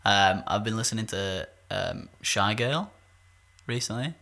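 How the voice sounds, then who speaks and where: A man's voice: on the low side, measured pace, vocal fry, bright, forceful tone. A man co-hosting a podcast in a rambling casual chat, full of fillers. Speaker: podcast co-host; musician.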